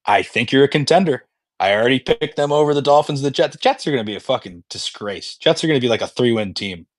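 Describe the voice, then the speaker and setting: A man's voice: mid-range voice, expressive, fast, dry recording. A man co-hosting a casual sports podcast, telling rambling stories full of swearing. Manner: profane, rambling storyteller. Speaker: podcast co-host.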